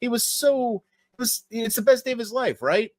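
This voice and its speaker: A man's voice: very high-pitched, moderate pace, darkish tone, no room sound, clean studio sound. A man streaming late at night, reading chat and rambling crudely with lots of swearing. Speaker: livestreamer.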